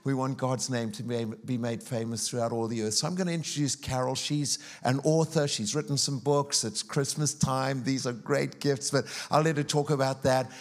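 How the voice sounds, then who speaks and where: A man's voice: mid-range voice, steady tone, moderate pace, hardly any pauses. A middle-aged man, a guest preacher, makes upbeat announcements and introduces his wife to a church. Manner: upbeat, enthusiastic. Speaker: college president and guest preacher.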